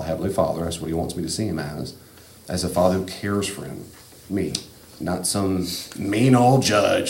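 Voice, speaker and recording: A low-pitched man preaching with earnest, emphatic directness. His voice rings in an echoey room with a faint hiss of ambient noise behind him. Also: a little mellow. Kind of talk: sermon-style teaching talk.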